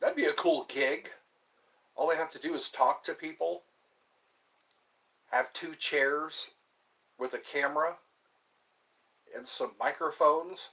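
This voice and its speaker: A man chatting alone on a livestream, rambling slowly from thought to thought with the odd laugh. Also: on the high side, sharp tone. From US East Coast. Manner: slow, meandering, talks to himself, laughs. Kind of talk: rambling solo livestream chat.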